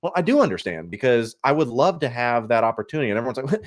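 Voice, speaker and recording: A man's voice: medium pitch, big pitch swings, fast. A man, a guest on a collecting podcast, rants in casual chat and mimics other people in a whiny voice.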